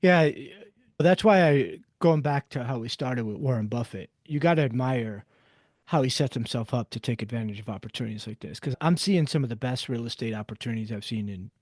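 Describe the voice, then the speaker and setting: A man's voice: mid-range voice, brisk, darkish tone, no echo. A man hosting a podcast interview, asking long, wandering questions in a conversational way. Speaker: podcast host.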